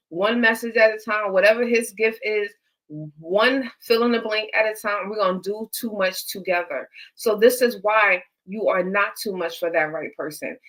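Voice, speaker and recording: A woman's voice: medium pitch, fairly bright tone, low-quality recording. A woman hosting a live stream, giving faith-based, motivational dating advice with an emphatic, repetitive, preacher-like cadence and features.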